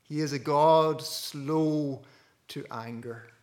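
A man preaching a sermon earnestly, dropping to a hush and rising to loud stresses. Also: fairly high pitch, fairly even intonation, slow. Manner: earnest, with wide swings between hushed and loud.

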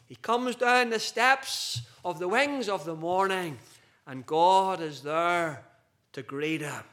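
Slow, bright-voiced preacher. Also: male voice, sits high. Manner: slow, emphatic preaching with wide swings in loudness. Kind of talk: sermon.

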